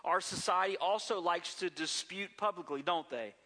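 A male pastor delivers a sermon with a bright, slightly high voice. He keeps a conversational preaching style and often throws rhetorical questions to his congregation. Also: normal speed.

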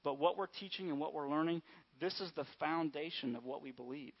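A man's voice: a little high, brisk. Male pastor, conversational sermon delivery with constant call-and-response checks, muffled lo-fi sound. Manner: conversational, repeatedly asks "all right?" and "amen?". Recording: dull lo-fi sound.

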